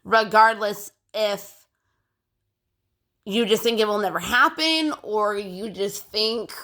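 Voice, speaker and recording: A woman's voice: mid-range voice, slow, sharp tone. Rambling young woman with a phlegmy throat. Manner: rambling, filler-heavy, frequent throat clearing. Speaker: vlogger. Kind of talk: casual chat to camera. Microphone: phone.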